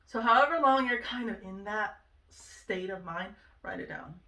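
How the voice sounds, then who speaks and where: A woman speaks in an earnest, conversational way, sharing personal advice and checking in with asides. Her voice is bright and forceful, and it sits a little back from the mic. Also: mid-range voice, normal speed, distant mic. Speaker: vlogger sharing self-help advice. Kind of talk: casual personal advice talk.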